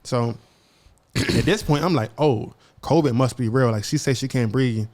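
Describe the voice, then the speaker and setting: His voice is mid-range, unhurried and darkish: a young man co-hosting a podcast and recounting a personal story casually. He retells the events by voicing both people in each conversation, and he keeps circling back to repeat or restart what he's saying.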